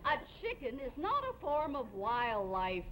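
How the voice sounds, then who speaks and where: A woman's voice: high-pitched, sing-song, unhurried. A woman playing a rigid, commanding female pack leader of girl rangers in a comedy sketch, heard over a noisy TV broadcast with a studio audience. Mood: stern. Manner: stiff, military, commanding. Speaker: comic actress in a TV sketch.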